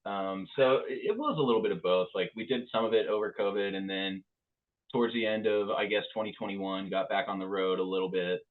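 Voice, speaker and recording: Low-voiced man on a tinny line. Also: fairly quick. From Louisville, Kentucky. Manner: easygoing, hesitant, many ums. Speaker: band member guest. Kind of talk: casual interview chat. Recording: tinny phone-like sound.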